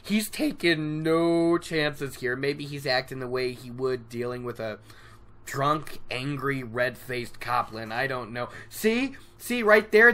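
Slow, bright-voiced podcast host. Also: mid-range voice. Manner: laughs often, animated and self-mocking. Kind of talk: casual book recap.

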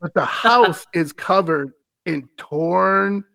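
A man's voice: sits high, takes it slowly, vocal fry, fairly bright tone, no echo. A man hosting a podcast, reading a scary story aloud and breaking off for wry, amused asides. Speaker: podcast host.

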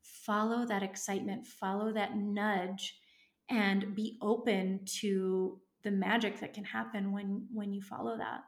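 Woman guest telling a story, lively, acts out her own thoughts, mid pitch. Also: measured pace. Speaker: guest, entrepreneur and coach. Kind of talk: storytelling in a casual interview.

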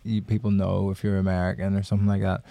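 An Irish man, a comedian guest on a podcast, talking earnestly and hesitantly, filling pauses with "uh" and "um". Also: low voice, completely flat delivery, creaky, dark tone, dry recording. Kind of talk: casual chat.

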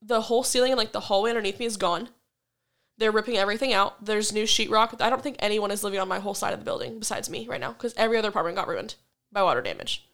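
A woman in her twenties, a podcast co-host, telling a story in a casual chat, swearing freely and laughing as she goes. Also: mid-range voice. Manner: profane, animated storytelling with quick laughs.

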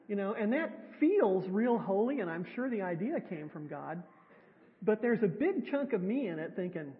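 A woman's voice: medium pitch, sing-song, moderate pace. A woman preacher giving a sermon in a church, talking conversationally with wry, self-deprecating humor. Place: church sanctuary. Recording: tinny, echoey hall sound.

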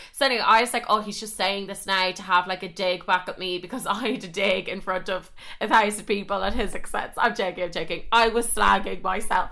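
A woman's voice: mid-range voice, a little fast, few pauses, sharp tone. A young woman podcast host telling a story in a chatty, self-mocking way and swearing a lot. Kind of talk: casual storytelling monologue.

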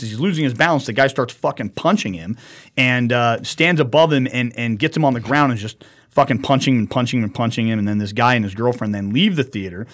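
A man telling a story on a casual podcast. His voice is husky and a little breathy, and he swears freely as he acts out the people in it. His delivery is animated and talky. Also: medium pitch. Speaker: podcast co-host. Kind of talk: casual profane podcast chat.

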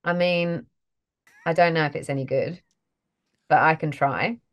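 A British woman with a notably low voice talks through an interview in a loose, chatty way. She is self-deprecating and quick to laugh. She speaks as a guest actress. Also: steady tone. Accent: British English. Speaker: voice and mocap actor guest. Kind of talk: casual interview chat.

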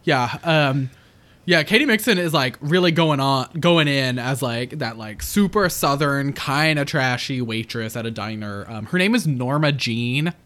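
A podcast co-host talking casually about a film, animated and laughing, full of "like" and quick asides. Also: mid-range voice. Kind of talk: casual movie review chat.

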